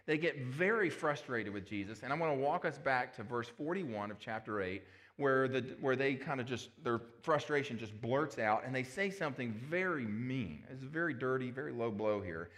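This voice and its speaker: A man's voice: mid-range voice, animated, moderate pace, few pauses, a bit bright. A man preaching a sermon as pastor, conversational, with asides and rhetorical questions.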